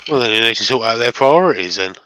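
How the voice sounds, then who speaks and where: A man's voice: mid-range voice, animated, quick pace, sharp tone, dry recording, rough recording. A man on a live stream, trading dry wisecracks. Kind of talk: casual banter.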